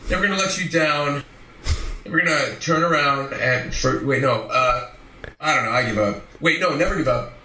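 A man's voice: medium pitch, moderate pace, bright, forceful tone. A man voicing a cocky, joking male game hero who keeps fumbling his own catchphrase and slides into a pop song. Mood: playful. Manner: stumbling, tongue-tied, slides into a pop song. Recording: roomy, distant mic with faint background noise.

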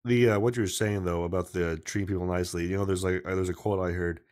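Very deep-voiced blunt man on a video call. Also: steady tone, fast, darkish tone. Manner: blunt, profane, acts out angry customers. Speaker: podcast host. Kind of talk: casual video-call chat.

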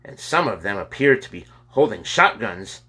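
A man voicing a stern policeman in a storybook, barking orders loudly. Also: on the low side, sing-song, moderate pace, husky, full character voice. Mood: firm. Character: shouting male policeman, stern and firm.

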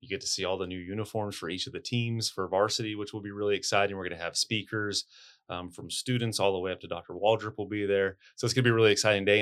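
A man, a high school principal, talking in a chatty, upbeat way with joking asides in a casual interview. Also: a bit bright.

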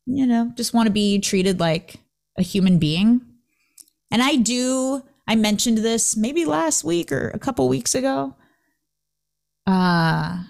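A woman hosting a casual motivational talk, lively and laughing often as she acts out what people said. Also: mid-range voice. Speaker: host.

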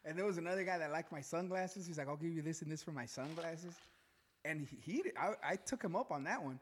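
A man's voice: a little high, slight background noise. A young Mexican American man from Chicago co-hosting a casual podcast, talking animatedly and mixing English and Spanish. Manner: fast and animated, mixing English and Spanish, says bro a lot. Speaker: podcast co-host. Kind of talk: casual chat.

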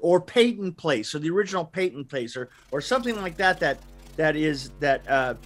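A man co-hosting a podcast in casual chat, halting and repeating words as he gathers his thoughts. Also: fairly high pitch, animated, a little hiss or hum. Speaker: podcast co-host.

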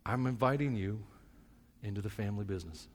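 A middle-aged male pastor preaching a sermon, moving between soft, reflective asides and loud, fervent stretches. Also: lowish voice, brisk, in a large hall.

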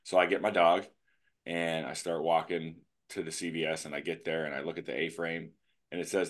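A man with a very low voice hosts a relaxed podcast. He tells stories in a rambling, joking way and teases himself. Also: fairly quick. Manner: jokey, rambling storyteller. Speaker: podcast host, animal control officer. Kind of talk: casual podcast chat.

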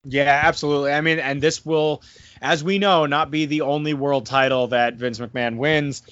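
A man's voice: a little high, fairly even intonation, normal speed, a bit bright, no echo, lo-fi sound. A man co-hosting a casual podcast review, talking loosely with lots of "I mean" and "like". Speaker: podcast co-host and wrestling promoter.

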